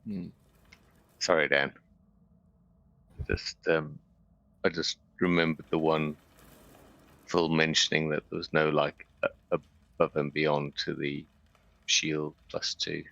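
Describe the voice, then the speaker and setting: A man's voice: rumbling low, little pitch movement, takes it slowly, creaky, pauses often, a bit bright, no room sound, dull audio. A man playing a tabletop game, asking questions and double-checking rules. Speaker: player. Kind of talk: casual tabletop game chat.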